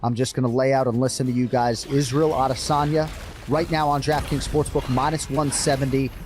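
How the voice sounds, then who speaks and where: A man hosting a sports show, setting up the fight and the odds in a measured, announcer-like way. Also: mid-range voice, level tone, a little mellow, faint music behind. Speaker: show host.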